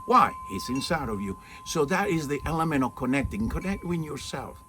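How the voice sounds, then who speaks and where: Earnest, lively-voiced man preaching outdoors. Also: fairly high pitch, normal speed. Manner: earnest and encouraging, asks rhetorical questions, often checks in with "okay?". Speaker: spiritual teacher. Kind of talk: informal spiritual talk to camera. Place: outdoors in the shade at his home, with trees and mountains. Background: faint outdoor ambience with birds and wind chimes.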